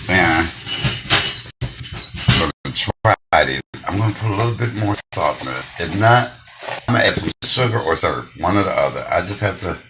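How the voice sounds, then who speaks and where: Heavy noise sits behind this low-voiced man from Detroit. In his casual cooking vlog, he tastes what he's made and talks plainly and directly to the camera.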